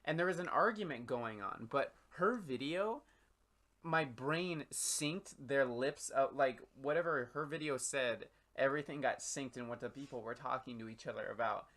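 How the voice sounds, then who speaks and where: Brief: young male co-host, easygoing and casual, bright edge to his voice. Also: mid-range voice, moderate pace. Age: young adult. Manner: laid-back, swears casually, says "man" and "dude". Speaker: podcast co-host. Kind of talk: casual chat.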